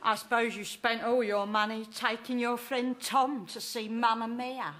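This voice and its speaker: A woman's voice: a little high, steady tone, measured pace, very noisy, natural voice. A woman playing a two-faced old grandmother with a London Cockney accent, sweet to people's faces and swearing behind their backs. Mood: guilt-tripping. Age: older. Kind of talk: sitcom sketch acting.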